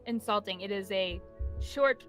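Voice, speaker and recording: A woman's voice: medium pitch, unhurried, a bit bright, faint music behind. A woman narrating as game master of a tabletop game, chatty and giggly with many fillers.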